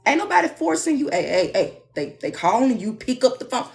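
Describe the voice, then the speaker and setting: Blunt, animated woman, giving a live reading on a phone mic over faint music. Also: a little high, a little fast, gravelly. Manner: blunt, animated advice with playful asides. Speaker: tarot reader. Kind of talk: live-streamed love reading.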